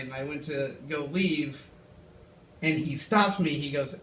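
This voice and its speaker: Young stand-up comic, high sharp voice, echoey club from a distance; rambling storyteller. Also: male voice, a little slow. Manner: rambling, self-deprecating storytelling with fillers. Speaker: stand-up comedian. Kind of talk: stand-up comedy set. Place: comedy club stage. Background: audience laughter.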